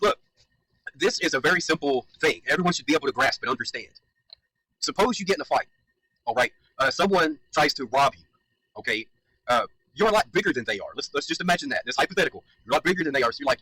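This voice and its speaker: Male commentator, fired up and emphatic, a touch higher-pitched, swears freely. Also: expressive, fast, bright, forceful tone, dry recording, low-quality recording. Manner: heated, emphatic, repeats points, swears. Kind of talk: reaction commentary.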